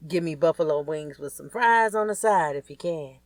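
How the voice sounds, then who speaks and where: A woman reading a blunt, gruff dad. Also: low voice, moderate pace, dry recording, clean studio sound. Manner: blunt, cursing. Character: stern middle-aged father, gruff, blunt.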